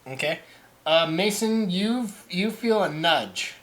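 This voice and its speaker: A game master with a fairly high voice, full of chuckles and false starts. He talks his way through the scene loosely and easily. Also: animated, takes it slowly, fairly bright tone. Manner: laughing, stumbling over words. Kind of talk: narrating a tabletop game online.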